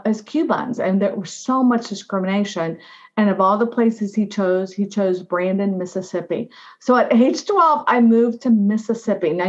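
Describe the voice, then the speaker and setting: A middle-aged woman from the United States, a guest on an interview show, telling her life story in an animated way and often saying "right?" and "you know". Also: medium pitch. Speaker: guest, diversity officer. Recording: slightly dull lo-fi audio.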